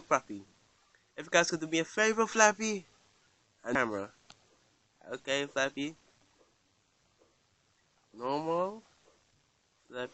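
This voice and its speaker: A man giving casual gameplay commentary in a very bright, sharp voice pitched a little high. He is excitable, talks straight to the game character and keeps crying out when things go wrong. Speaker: gaming channel host.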